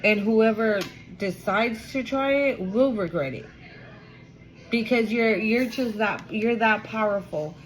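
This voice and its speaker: A woman's voice: fairly high pitch, slow, soft background music, poor audio. A woman giving a casual, emotional spiritual card reading to her viewers, repeating herself and swearing now and then. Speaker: tarot reader.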